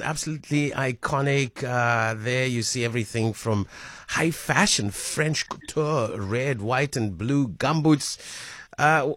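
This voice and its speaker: A man hosting a radio interview, upbeat and energetic. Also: fairly high pitch, no room sound, studio quality. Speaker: radio host.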